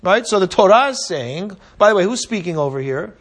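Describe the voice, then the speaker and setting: A man's voice: sits high, animated, fairly quick, a bit bright. A man teaching a Torah class, reading Hebrew verses and explaining them step by step, often checking in with "right?" and "yeah?". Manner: reads Hebrew verses aloud and translates them.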